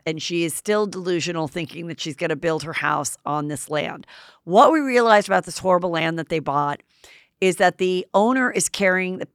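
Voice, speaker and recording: Low-voiced woman dishing gossip. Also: a bit bright, smooth, no echo, studio quality. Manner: chatty, filler-heavy, blunt, swears freely. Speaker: host. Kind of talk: casual gossip recap.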